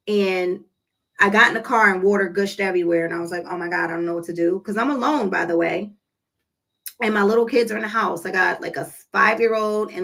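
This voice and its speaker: Woman vlogger, animated, emphatic casual storytelling, mid-range voice. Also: medium pitch, vocal fry, rough recording. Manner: animated, emphatic, talks straight to viewers.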